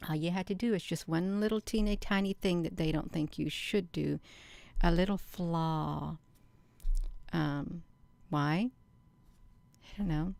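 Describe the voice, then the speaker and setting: A middle-aged woman hosting her own channel, talking slowly and earnestly to her viewers in a rambling casual monologue. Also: low voice, gravelly, a little mellow, no echo. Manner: slow, earnest, addresses viewers as "you all". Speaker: channel host.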